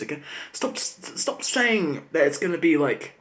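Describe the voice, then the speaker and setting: A man with a New Zealand accent rants to camera. He is profane and sarcastic, and his voice sits slightly high for a man. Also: lively intonation, moderate pace, a bit bright. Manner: angry, profane, sarcastic ranting. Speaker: channel host. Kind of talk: ranting vlog monologue.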